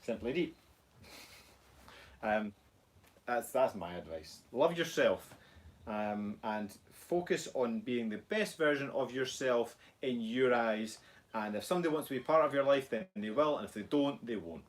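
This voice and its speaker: A Scottish man co-hosting a casual live stream, reading viewer comments aloud with a relaxed, hesitant, blunt manner. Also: mid-range voice, measured pace. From Scotland. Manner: relaxed, hesitant, many ums, blunt swearing advice.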